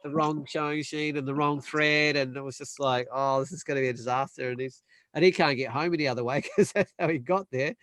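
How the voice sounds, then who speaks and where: Lively man telling a story. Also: a little high, no echo. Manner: animated storyteller, acts out quoted voices, quick bursts. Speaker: panel guest. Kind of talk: casual storytelling.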